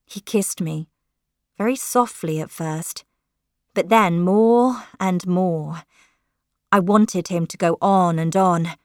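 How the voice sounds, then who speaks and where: A woman reads a first-person novel aloud with emotive, heartfelt storytelling. Her pace is slow and deliberate, and the recording is dry and close. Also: mid-range voice, no echo. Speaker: audiobook narrator.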